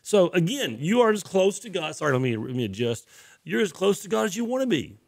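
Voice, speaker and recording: A man's voice: sits high, sing-song, fairly quick, gravelly. A man, a pastor, delivering a conversational sermon, often repeating his phrases for emphasis.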